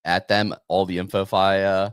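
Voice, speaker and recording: A man co-hosting a casual crypto podcast, giving relaxed, thoughtful commentary. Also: low-pitched, moderate pace, clean tone, dry recording, clean studio sound. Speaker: podcast co-host.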